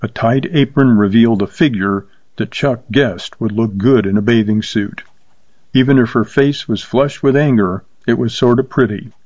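A man narrating a short story in a steady, measured reading voice. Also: medium pitch, no echo, muffled recording. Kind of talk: scripted narration.

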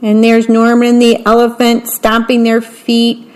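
A woman reading a picture book aloud, describing each picture in a gentle, deliberate way. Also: fairly high pitch, completely flat delivery, rough recording. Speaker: storybook reader.

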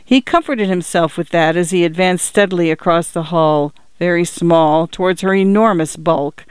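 A man narrating a literary story in a measured, even-toned reading. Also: high-pitched, smooth, dry recording. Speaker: audiobook narrator.

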